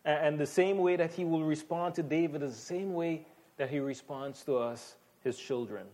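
A pastor preaching a sermon in an emphatic, conversational way, often calling on listeners to listen. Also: male voice, a little high, moderate pace, darkish tone.

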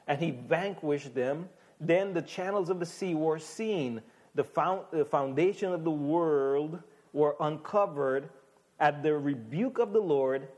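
A pastor preaching a sermon in an emphatic, conversational way, often calling on listeners to listen. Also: male voice, on the high side, a little mellow.

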